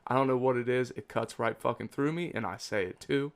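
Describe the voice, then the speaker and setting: A man's voice: mid-range voice, brisk, vocal fry. A man hosting a casual podcast, ranting about pet peeves with lots of swearing and emphatic asides to the audience. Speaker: podcast host.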